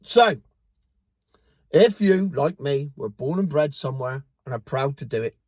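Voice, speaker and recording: A man's voice: medium pitch, lively intonation, moderate pace, darkish tone, no room sound. A Cornish man delivering a profane, sarcastic opinion rant as a vlogger. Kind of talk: angry opinion rant to camera.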